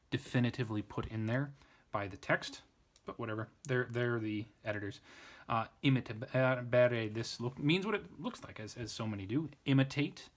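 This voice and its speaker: A man giving an informal Latin grammar lesson, thinking aloud, often restarting and correcting himself. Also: mid-range voice. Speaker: Latin tutor.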